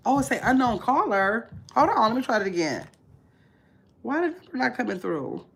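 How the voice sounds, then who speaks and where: A woman hosting a casual livestream, chatting to her viewers and dropping to a low mumble while she searches her phone. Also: sing-song, normal speed, gravelly, slightly rough. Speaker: livestream host.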